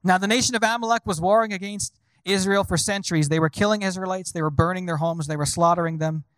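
A man's voice: sits high, fast, fairly bright tone, clean tone, dry recording. A male pastor preaching a sermon, asking the congregation rhetorical questions.

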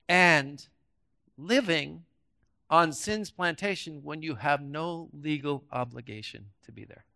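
High-voiced male preacher, animated sermon. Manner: interactive, quizzes the audience and jokes; swings from quiet asides to loud emphatic bursts. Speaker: guest preacher.

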